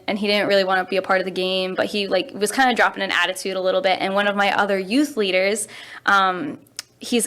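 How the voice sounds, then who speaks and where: A woman in her twenties, a youth pastor, telling funny stories in a casual interview, laughing often and jumping high in pitch for quoted voices. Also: fairly bright tone. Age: 20s.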